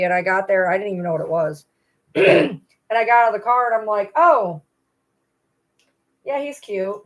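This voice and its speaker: A woman talking casually on a livestream in a voice of ordinary pitch for her sex. She rambles, slips into cooing at her dogs between stories, and swears offhandedly. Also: lively intonation, moderate pace, pauses often. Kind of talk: casual chat during a livestream.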